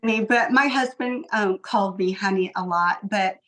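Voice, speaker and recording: Woman in her 60s, podcast guest, earnest chatty tone, lots of ums, medium-pitched voice. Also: normal speed, low-quality recording. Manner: warm, earnest, many ums and restarts. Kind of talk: casual interview conversation.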